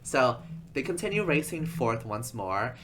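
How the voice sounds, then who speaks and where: A man's voice: medium pitch, sing-song, measured pace, background noise. Chatty man rambling through a recap. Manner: rambling and chatty, lots of fillers and asides. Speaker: video essay host. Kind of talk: casual video essay narration.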